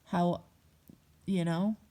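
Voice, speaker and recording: A young woman talks straight to her viewers in a personal vlog, heated and blunt, with frequent swearing. Her voice sits a little low. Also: steady tone, drawn-out words, dark tone. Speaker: vlogger. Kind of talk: personal monologue to camera.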